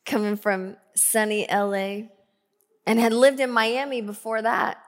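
Slow-spoken woman pastor preaching in a hall. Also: a little high. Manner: conversational storytelling, scripture reading with emphasis. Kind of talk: sermon. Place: church sanctuary. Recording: reverberant hall with soft band music. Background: soft band music.

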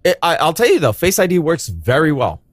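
A man's voice: on the high side, fairly quick, no echo, studio quality. A man with a New York accent ranting and swearing in a casual podcast chat. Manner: profane, ranting, animated. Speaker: podcast co-host.

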